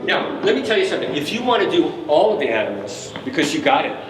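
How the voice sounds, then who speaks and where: A slightly high-voiced man leads a family concert audience with playful encouragement, teaching them animal-sound cues. He is heard from a distance in a big, echoing concert hall with a long reverb tail. String instruments play now and then in the background. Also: very animated, fast, over music. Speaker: composer leading a family concert. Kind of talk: coaching an audience in a live concert. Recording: echoey hall recorded from far off.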